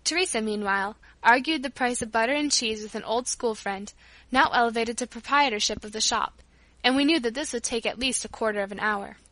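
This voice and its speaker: A woman reads a storybook aloud as audiobook narration, clear and expressive. Her voice is bright and fairly high, and the recording is close and dry. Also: a little fast, no echo.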